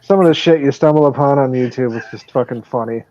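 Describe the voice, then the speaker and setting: A man's voice: mid-range voice, quick pace, dark tone, dry recording, highs cut off. Crude laid-back man hosting a podcast. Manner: profane, laughing, loose. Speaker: podcast host. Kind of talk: casual sports betting chat.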